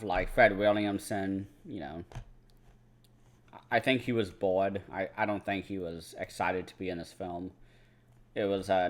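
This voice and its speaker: A young man reviews movies off the cuff with a slightly low voice. He rambles, swears freely and fills his talk with "like" and "you know.". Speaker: movie marathon vlogger. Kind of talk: casual movie review chat.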